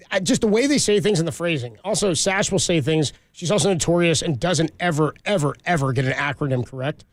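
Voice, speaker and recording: A man's voice: a little high, brisk, hardly any pauses, dry recording. A man co-hosting sports radio, chatting casually in an easygoing way and laughing along. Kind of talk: casual chat.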